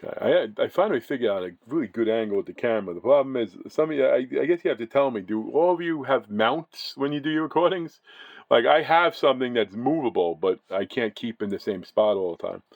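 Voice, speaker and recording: A man's voice: medium pitch, expressive, brisk, no echo, muffled recording. A man casually chatting as he opens trading card packs, rambling and often correcting himself. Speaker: card-breaking channel host. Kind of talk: casual chat while opening card packs.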